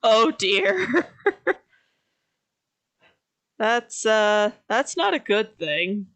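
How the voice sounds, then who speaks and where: Slow-talking woman streamer, laughing often. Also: a little high, no echo. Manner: laughs often, relaxed and chatty. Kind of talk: casual stream chat.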